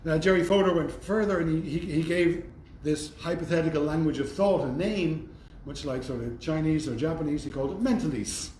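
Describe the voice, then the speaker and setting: Lecturer, roomy echo. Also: male voice, on the high side, brisk, few pauses, a little mellow. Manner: thoughtful, conversational, wry asides. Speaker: university lecturer. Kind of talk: recorded university lecture. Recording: roomy echo, faint background noise.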